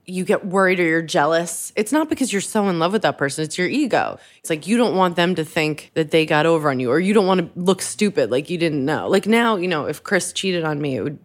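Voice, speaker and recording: A woman's voice: on the low side, lively intonation, a little fast, hardly any pauses. A woman co-hosting a comedy podcast, chatting casually with a laughing, self-mocking, rambling manner. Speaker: podcast co-host.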